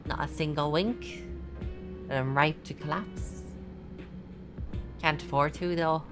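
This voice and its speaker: A gruff, bone-tired workman with a put-on British regional twang, as a woman streamer voices him. He talks bluntly and colloquially, and his low voice sits at the bottom of a woman's range. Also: steady tone, takes it slowly, music in the background. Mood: gruff, weary. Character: sleepless, gruff working man with a northern British twang. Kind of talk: reading game dialogue aloud.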